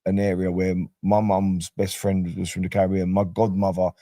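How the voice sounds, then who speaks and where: A man's voice: low-pitched, moderate pace, dry recording. A man from Brixton with a South London accent, telling stories in a casual interview. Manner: chatty storyteller, relaxed street slang. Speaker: guest, docuseries cast member.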